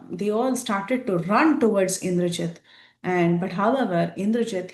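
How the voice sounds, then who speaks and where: A woman teaching a scripture class, retelling an epic story in an animated way with many fillers. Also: fairly low pitch, echoey room.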